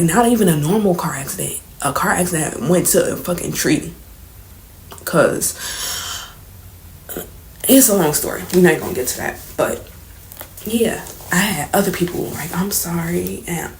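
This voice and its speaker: A woman's voice: lowish voice, gravelly. A young woman telling a personal story in a casual, candid vlog, slangy and swearing as she goes. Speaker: vlogger telling her story. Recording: roomy echo, faint background noise.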